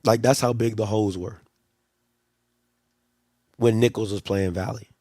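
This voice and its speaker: A man's voice: lowish voice, fairly even intonation, a little slow, mellow, dry recording, studio quality. A man hosting a live stream, talking in a casual, rambling and exasperated way and often repeating himself. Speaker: livestream host. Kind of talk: casual sports commentary.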